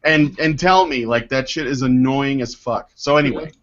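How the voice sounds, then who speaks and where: A man's voice: mid-range voice, normal speed, fairly bright tone. A man hosting a casual podcast, rambling with many fillers and swearing freely while reading listener mail. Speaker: podcast host. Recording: dull lo-fi podcast audio.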